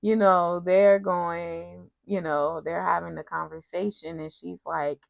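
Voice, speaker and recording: A woman's voice: fairly low pitch, level tone, a little slow, creaky, dry recording. A woman casually recapping a TV soap episode, retelling scenes with quoted lines and personal asides.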